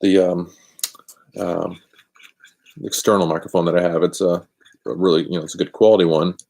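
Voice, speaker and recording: A deep, mellow-toned man rambles through a casual craft live stream. He talks loosely and good-naturedly, poking fun at himself. His voice comes through a built-in laptop microphone in a chilly garage. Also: flat delivery, normal speed, vocal fry. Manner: rambling, chatty, self-deprecating. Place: cold home garage. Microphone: built-in computer microphone.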